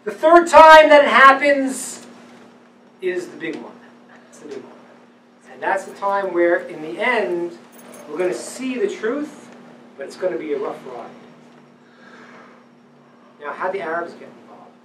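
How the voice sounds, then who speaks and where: A man teaching as a rabbi, giving a lecture on religious texts to a live audience. He speaks with animated emphasis, dropping to hushed tones and then rising to loud declarations. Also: high voice, a little slow, pauses often, a little hiss or hum. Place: event hall with audience. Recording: roomy, distant live-event recording.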